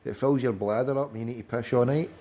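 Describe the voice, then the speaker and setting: A man's voice: mid-range voice, fast, mellow. A man, hosting a late-night phone-in, rambling in sweary chat and calling his friend "mate" often. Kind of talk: casual banter over a call.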